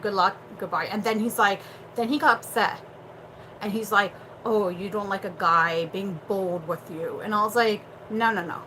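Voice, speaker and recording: A woman's voice: mid-range voice, a bit bright, slight background noise, rough recording. A young adult woman hosting a casual livestream chat, blunt and chatty, swearing freely and using lots of fillers. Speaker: livestream host.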